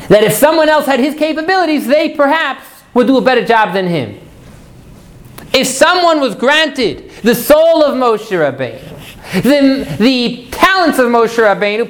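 A man teaching a live class, animated and jokey, putting questions to his students. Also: sits high.

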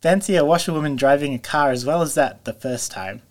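A man voicing a hearty, kindly middle-aged gentleman in a storybook reading, with a loud, raised voice. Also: a little high, a little fast, lightly acted. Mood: cheering.

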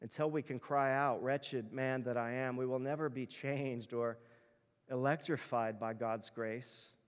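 A man's voice: mid-range voice, steady tone, unhurried, smooth, big-room sound. A male pastor preaching a sermon in an earnest, emphatic way, building his points through repeated phrases.

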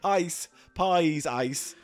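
A man's voice: on the high side, drawn-out words. A man co-hosting a rowdy comedy podcast, rambling and mock-grumpy, often giggling. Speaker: podcast co-host. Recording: faint music behind.

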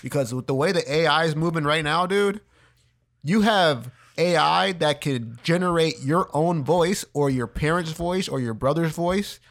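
A man co-hosting a podcast in casual chat, relaxed, laughing often and saying dude a lot. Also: fairly high pitch, moderate pace. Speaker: podcast co-host.

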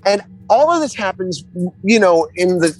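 A man in a casual chat, telling an animated story full of swearing and restarts. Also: high-pitched, normal speed, soft background music.

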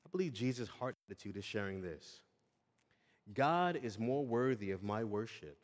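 A man's voice: lowish voice, animated, normal speed. Man preaching in an earnest, dynamic sermon delivery, voice carrying a long hall echo.

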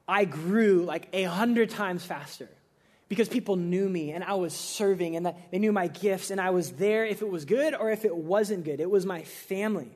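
A young man preaching a casual sermon, animated and conversational, acting out playful quotes. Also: high-pitched, moderate pace. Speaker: pastor.

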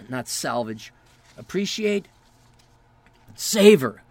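Profane high-voiced ranting podcast man. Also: big pitch swings, slow, long pauses, no room sound. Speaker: podcast host.

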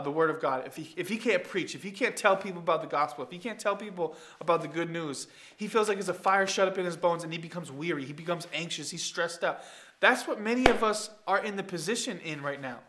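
A male pastor giving an emphatic sermon, dropping low for quiet points and rising into loud calls to the congregation. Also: lively intonation, a little fast. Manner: emphatic preaching, swings from soft asides to loud calls; talks straight to the congregation.

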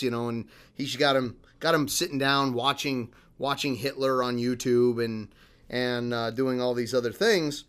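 A man's voice: medium pitch, level tone, unhurried, a bit bright, clear, resonant tone. A man co-hosting a podcast, rambling through a news story in casual chat with many fillers and restarts. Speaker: podcast co-host.

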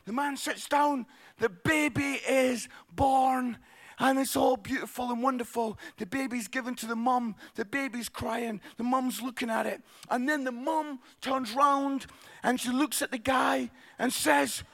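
Animated male storyteller, very high and bright voice, comic. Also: a little slow, gravelly. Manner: animated, acts out characters, laughs along. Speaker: speaker telling stories.

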